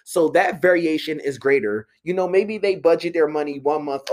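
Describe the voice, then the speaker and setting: A young man in an animated, profane, exasperated rant, slipping into mocking voices. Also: on the high side, normal speed. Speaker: commentator. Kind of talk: ranting monologue.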